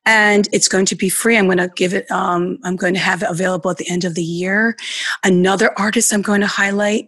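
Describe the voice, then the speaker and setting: A woman who runs an art podcast, a guest in an interview, explaining in an earnest way and now and then dropping into soft, breathy words. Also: on the low side, dry recording. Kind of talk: conversational interview.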